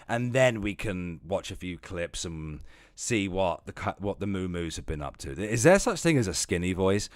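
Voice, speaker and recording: A man chatting casually on a livestream, profane and rambling, jumping between loud outbursts and low muttering. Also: very animated, normal speed, dry recording, studio quality.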